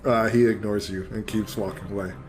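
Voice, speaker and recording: A man running a tabletop game as dungeon master, narrating with many pauses and fillers. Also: on the low side, fairly even intonation, a little mellow, soft background music. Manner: hesitant, full of fillers.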